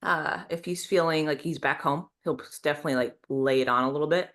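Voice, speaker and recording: Low-voiced chatty woman. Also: fast talker, fairly bright tone. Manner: chatty, many restarts and acted-out quotes. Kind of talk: casual chat.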